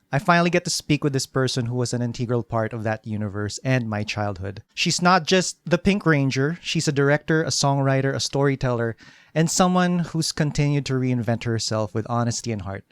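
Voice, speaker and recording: Upbeat man hosting an interview show; animated delivery, dry booth sound. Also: mid-range voice, smooth, dry recording. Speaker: podcast host. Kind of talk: casual interview chat.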